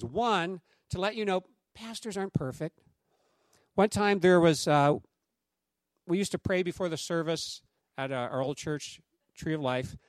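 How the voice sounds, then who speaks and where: Middle-aged male pastor, conversational sermon delivery, slightly high voice, dry close mic. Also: no echo. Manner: conversational and anecdotal, with asides to the congregation; acts out quoted voices in lively raised tones.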